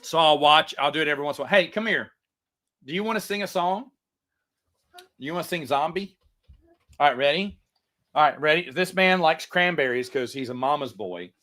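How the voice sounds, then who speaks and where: A man's voice: a little high, expressive, brisk, pauses often, sharp tone. A man hosting a casual livestream, answering viewer chats in a rambling way with frequent stammers and restarts.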